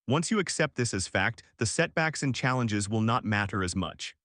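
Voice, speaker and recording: A man's voice: on the low side, expressive, normal speed, fairly bright tone, no room sound. Man reading cheerful educator, passionate, determined, dry close sound.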